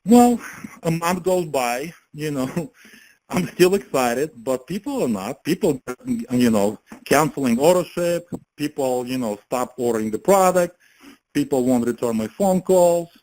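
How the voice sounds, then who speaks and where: A man's voice: fairly high pitch, expressive, unhurried, darkish tone, poor audio. A man giving a casual motivational talk about network marketing, chatting and often asking his listeners questions.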